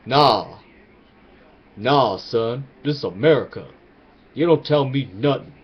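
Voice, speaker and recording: A man's voice: mid-range voice, animated, takes it slowly, slightly rough, muffled recording, full character voice. A man doing an impression of a swaggering American president who talks in dismissive street slang. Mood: defiant.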